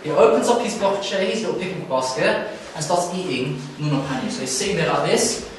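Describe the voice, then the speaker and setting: A young man giving a religious talk at a camp, telling a story in a lively way and acting out the people in it. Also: a little high, fairly quick, heavy reverb, distant mic, noisy background. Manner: animated, acts out characters in the story. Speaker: camp speaker. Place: hall at a youth camp.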